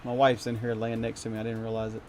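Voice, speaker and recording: A man's voice: fairly low pitch, monotone, fast, darkish tone, slight background noise. A young man chatting casually on a game stream, rambling and swearing freely as he rants. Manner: profane, rambling, heats up when ranting. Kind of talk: casual live-stream chat while gaming.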